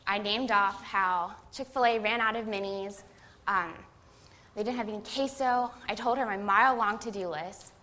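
A woman's voice: medium pitch, moderate pace, pushed and bright. Young woman preaching in a chatty way. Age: young adult. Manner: conversational, self-deprecating storytelling. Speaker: seminary student preaching. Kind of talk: sermon with personal story.

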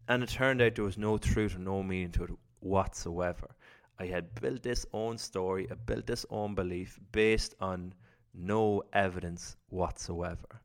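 A man speaks in a very low voice with a gravelly edge, telling a personal story about fear and self-belief. His delivery is earnest and reflective, slipping into the voice of his own doubting inner thoughts.

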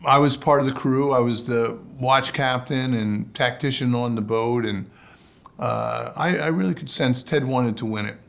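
A man tells long stories about ocean racing as an interview guest. His delivery is relaxed and anecdotal, and his voice sits at a mid pitch. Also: vocal fry. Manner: relaxed anecdotal storytelling, acts out quotes. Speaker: guest, sailor and sailing commentator. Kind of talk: storytelling in a podcast interview.

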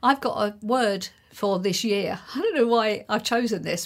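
A woman's voice: medium pitch, measured pace. Reassuring middle-aged woman podcaster. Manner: reassuring and encouraging, chatty. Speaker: podcast host. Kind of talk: solo podcast monologue.

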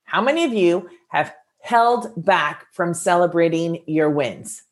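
A woman with a lowish voice speaks straight to her listeners in a motivational talk. She sounds casual and earnest, with filler words here and there, and keeps an encouraging, coaching tone throughout. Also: expressive, measured pace.

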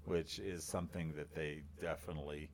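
A man co-hosting a podcast with a baritone voice, telling a long story in a relaxed, rambling way with lots of fillers. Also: fairly quick, slight background noise. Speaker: podcast co-host. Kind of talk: casual chat.

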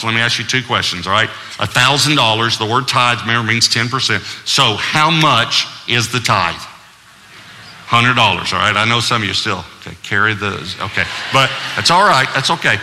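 A pastor delivers a sermon in a bright, forceful male voice, emphatic yet conversational, with touches of humor and deliberate pauses. His words ring out with a long reverb in a large church hall. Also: mid-range voice.

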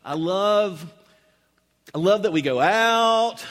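A man's voice: sits high, normal speed, fairly bright tone, long reverb tail, voice pushed up. A man preaching, imitating a boastful man who gushes about his beer. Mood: gushing. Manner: rapturous, gushing.

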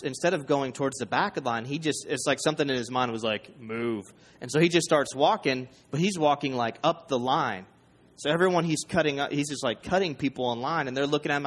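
A man preaching, telling a funny personal story with animated quoted voices. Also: medium pitch. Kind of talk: storytelling sermon.

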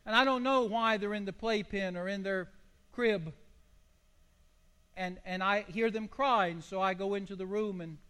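A man's voice: sits high, a little slow, pushed and bright, smooth. An older man, a pastor, preaching a sermon in a folksy, storytelling way with homely illustrations. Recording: long hall reverb.

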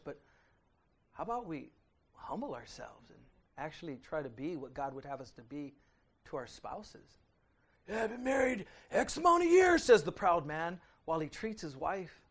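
A middle-aged male pastor with a high voice preaches a sermon in a conversational, back-and-forth way. He turns to his listeners often, then drops into quiet intensity before rising again to loud emphasis. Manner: conversational preaching, asks the congregation "right?" often. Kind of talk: midweek sermon with Bible reading.

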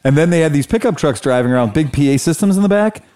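Male host, lively storyteller, wide pitch swings, plays out the quotes. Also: fast talker. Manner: animated storyteller, acts out quotes, laughs often. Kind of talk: casual chat, storytelling.

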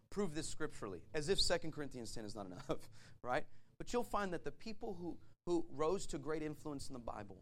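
A male pastor preaching a sermon, animated and conversational, asking the audience questions and acting out stories. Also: fairly high pitch. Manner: animated storytelling with acted voices and laughs.

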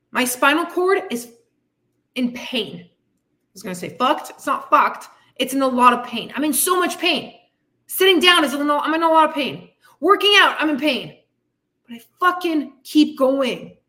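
A woman's voice: high voice, sharp tone. A woman fitness coach hosting her podcast, giving a blunt, frustrated, swearing tough-love pep talk. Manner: frustrated, venting. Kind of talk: candid motivational monologue.

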